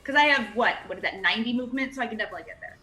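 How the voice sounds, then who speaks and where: A woman playing a tabletop game, talking in an excited, chatty way. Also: on the high side, rapid-fire, reverberant, soft background music. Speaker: player.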